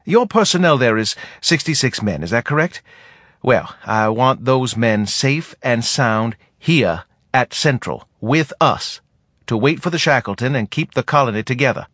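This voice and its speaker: A man's voice: medium pitch, lively intonation, unhurried, a bit bright, no room sound, studio quality. A man voicing a feeble, whining older male commander who sounds out of breath and pleads in long-winded official phrases. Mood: pleading, stern. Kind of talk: audiobook character reading.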